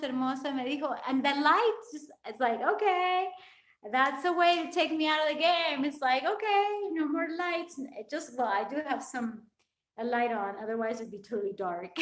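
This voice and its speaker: A woman's voice: high voice, a bit bright. A woman fitness coach chatting live with her viewers in an effusive, grateful way. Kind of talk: live-stream chat with viewers. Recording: echoey room.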